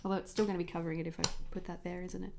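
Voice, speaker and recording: At her home desk, a woman in her thirties rambles casually on a livestream while setting up her journal, chatty and easily sidetracked as she crafts. Her lowish voice is level in tone yet racing, with a creaky quality, and the background is noisy.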